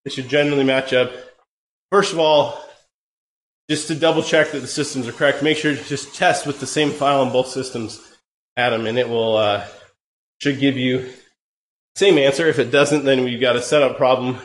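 A man with a cold, hosting a live cycling-training Q&A in a relaxed, rambling way with many fillers. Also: medium pitch, moderate pace, pauses often. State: hoarse from a cold. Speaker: podcast host. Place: home room, riding an indoor trainer. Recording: echoey room with faint ambient noise.

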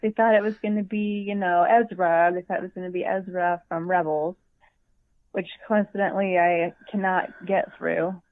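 A woman chatting casually as a podcast co-host, an animated storyteller who acts out her own reactions. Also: fairly low pitch, moderate pace, no room sound. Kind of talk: casual fan chat. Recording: tinny phone-like line, dry.

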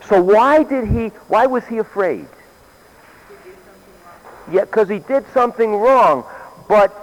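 An older man, a grandfather, preaching a sermon in a meeting hall, questioning his listeners and repeating key phrases. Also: sits high.

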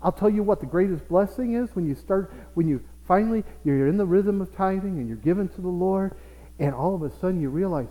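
Male pastor mid-sermon, slightly high-pitched, earnest and repetitive, long church reverb. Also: animated, fairly quick, mellow. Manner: earnest, repeats himself, acts out what believers say. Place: church sanctuary. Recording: long echo of a church hall.

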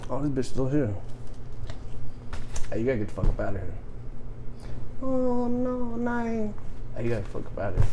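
A young man telling a wild story in casual podcast chat, profane and animated, breaking into laughs. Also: mid-range voice, moderate pace, long pauses, background noise.

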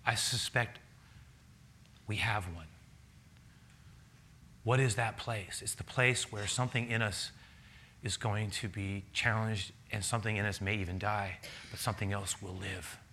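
A man preaching a sermon, telling a personal story with lively laughter and acted-out dialogue. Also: lowish voice, measured pace, pauses often, a little hiss or hum. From a city. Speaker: pastor.

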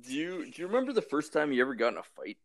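A man's voice: a little high, sing-song, racing, crowd noise. A young man in casual chat, laid-back and slangy, calling people bro and dude.

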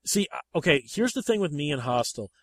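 Animated, slightly high-voiced man. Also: fairly quick, no echo. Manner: animated and emphatic, with sharp rises in pitch when making a point. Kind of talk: casual movie chat.

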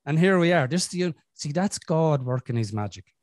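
A man talks candidly as a podcast host, swearing freely as he tells his story. His pitch sits a little high and moves a lot. The sound is dry and close. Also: animated, moderate pace, darkish tone, no echo. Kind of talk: casual conversation.

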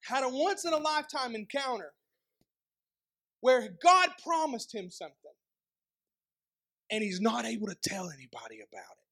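A young pastor with a Southern East Tennessee accent and a strikingly high voice for a man. He preaches in a conversational way, tossing out rhetorical questions and quick joking asides to the congregation. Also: very animated, pushed and bright. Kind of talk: sermon.

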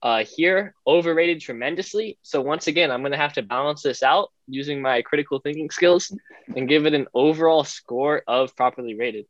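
A young man from California, co-hosting a podcast with measured, mock-formal reasoning. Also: a little high, dry recording. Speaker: podcast co-host. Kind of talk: casual chat. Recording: dull lo-fi mic.

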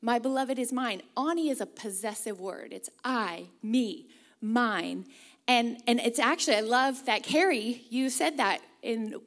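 Woman preaching in church, earnest, slightly high voice, gets everyone reading along. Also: measured pace. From Pacific Northwest. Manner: warm, earnest, leads congregation in reading. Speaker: guest preacher. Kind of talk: sermon.

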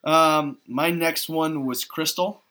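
A man's voice: fairly high pitch, fairly even intonation, slow pace, pushed and bright. A man co-hosting a podcast in casual chat, giving blunt, opinionated takes. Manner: blunt, opinionated, frequent filler restarts. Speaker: podcast co-host.

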